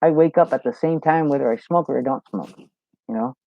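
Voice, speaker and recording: In casual livestream chat, a Q&A host reads viewer comments and tells loose, profane stories, often saying "you know." His voice is medium in pitch, brisk and creaky. The dull, dry lo-fi recording has a little hiss or hum.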